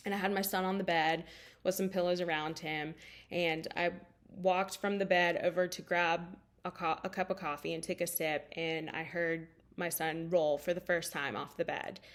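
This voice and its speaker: A woman's voice: fairly low pitch, steady tone, moderate pace. A life coach in her thirties telling a personal story in a candid, emotional way, with many fillers.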